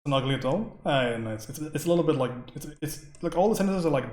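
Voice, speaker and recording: A man's voice: medium pitch, expressive, fast, hardly any pauses, darkish tone, echoey room. A man from India chatting casually with his stream viewers while painting. He rambles, laughs often and answers questions from chat.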